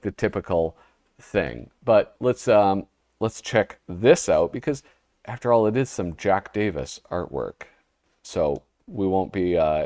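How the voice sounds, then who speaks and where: A man's voice: medium pitch, darkish tone, dry recording, clean studio sound. A man hosting a casual show, flipping through an old humor magazine and reading the panels aloud with a wry, rambling manner. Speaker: host.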